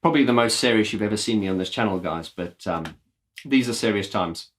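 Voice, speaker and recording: A man's voice: on the low side, expressive, fairly quick. A man hosting his own video channel, talking straight to camera in an earnest, impassioned rant and swearing bluntly. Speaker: YouTube channel host. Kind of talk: direct-to-camera vlog talk.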